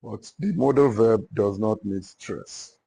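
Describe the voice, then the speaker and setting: Nigerian man lecturing a class, repeats phrases for notes, low voice, very slow. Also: creaky, dark tone, husky. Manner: slow, repetitive dictation. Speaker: literature teacher.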